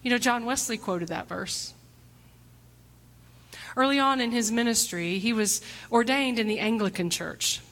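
A woman pastor delivering a reflective sermon, posing questions to the congregation and sometimes dropping to a hushed near-whisper. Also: on the high side, measured pace, pauses often. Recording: long hall reverb.

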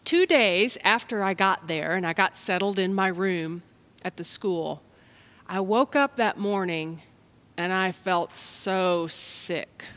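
An American woman pastor delivers a gentle, unhurried children's message and sermon for an online service. Her voice is on the lower side.

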